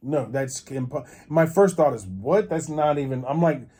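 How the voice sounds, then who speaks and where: A man's voice: fairly high pitch, moderate pace, dark tone, breathy edge. A man hosting a podcast, telling a rambling story with many fillers and restarts. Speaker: podcast host. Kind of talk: casual storytelling.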